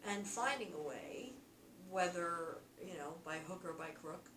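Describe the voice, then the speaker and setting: Woman co-host, calm and reflective chat, recorded far from the mic in an echoey room. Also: lowish voice, noisy background. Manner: reflective, unhurried, encouraging. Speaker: podcast co-host. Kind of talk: casual spiritual chat. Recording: roomy, distant mic, faint ambience.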